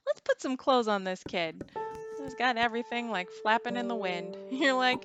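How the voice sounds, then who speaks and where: Slow-talking woman narrating her gameplay. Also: fairly high pitch, lively intonation. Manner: chatty and unhurried, laughs often. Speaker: game streamer. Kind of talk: casual gameplay commentary. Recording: music playing under the voice.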